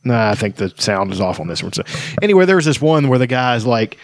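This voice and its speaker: Hombre relajado que comenta entre risas. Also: male voice, mid-range voice, sing-song, quick pace, no room sound. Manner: laughs often, swears, loose rambling. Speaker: host reacting to film clips. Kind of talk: casual chat.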